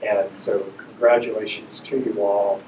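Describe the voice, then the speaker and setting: A chiropractic doctor giving a conversational, anecdotal speech at a pinning ceremony, speaking from a podium. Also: male voice, lowish voice, little pitch movement, a little slow, darkish tone, slight background noise. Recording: echoey hall, far from the mic.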